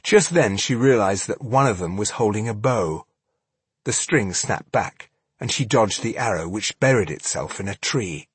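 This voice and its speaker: A man reading fantasy fiction aloud as an audiobook narrator, with dramatic, measured storytelling. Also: lowish voice, animated, breathy edge, no echo.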